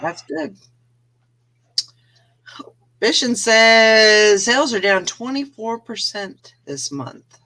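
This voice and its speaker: A woman's voice: a little high, expressive, slow, pauses often, pushed and bright. A woman co-hosting a casual live-stream morning show, laughing easily and trailing off mid-sentence. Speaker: co-host of a reseller morning show.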